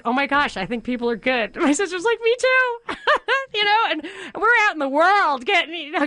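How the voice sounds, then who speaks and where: A woman's voice: sits high, a bit bright, dry recording. A woman hosting a talk radio show from a studio, chatting casually and animatedly, laughing often.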